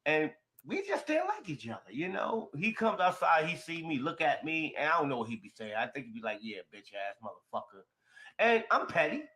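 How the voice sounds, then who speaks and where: Guy telling a story, super animated, swings quiet to loud, bright sharp voice. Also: a little high, brisk. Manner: emphatic, expressive, swings from quiet to shouting. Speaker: storyteller in a shared video.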